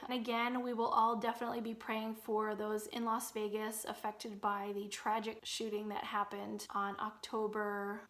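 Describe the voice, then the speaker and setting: Animated woman telling a story. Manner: animated, acts out quotes in loud high bursts. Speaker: vlogger. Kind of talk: storytelling vlog.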